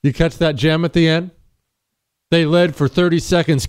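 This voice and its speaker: A man's voice: high voice, normal speed, clear, resonant tone. A man hosting a talk radio show, blunt and sarcastic in his opinionated monologue.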